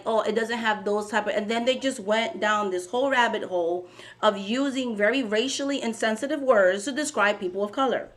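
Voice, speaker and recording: A woman's voice: on the high side, fairly bright tone. A young woman tarot reader talking to camera in a casual vlog, indignant and emphatic, pressing her points with pointed rhetorical questions.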